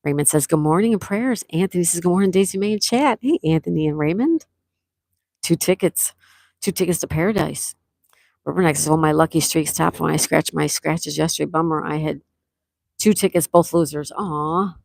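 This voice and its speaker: A woman with a low, gravelly voice and a Buffalo, New York accent runs a laid-back live stream, reading viewer comments aloud and chatting back to each one. She talks fairly quickly. The sound is dry and close-miked, with no room sound at all.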